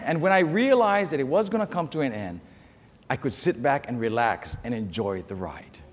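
A middle-aged man preaching a sermon, telling stories with lively call-and-response to the congregation. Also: mid-range voice, a little fast, big-room sound. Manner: animated, storytelling with call-and-response. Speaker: pastor.

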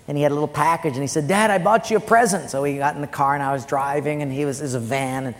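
A man preaching as a pastor, telling personal stories in an animated way and loudly acting out the voices in them. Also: medium pitch, very fast. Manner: animated storytelling with loud acted quotes. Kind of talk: sermon. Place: church sanctuary. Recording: long church-hall reverb, faint music.

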